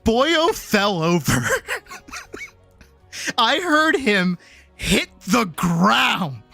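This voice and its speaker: A woman streamer telling a story in casual chat, animated, laughing often and swearing freely. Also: extremely slow, creaky, soft background music. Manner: quotes people in big high-pitched voices.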